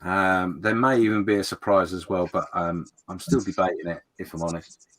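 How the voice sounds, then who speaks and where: Brief: male stream host, clear bright tone, easygoing, reads out viewer comments and laughs often. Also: low voice, fairly even intonation, normal speed. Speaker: livestream host. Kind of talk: casual livestream chat.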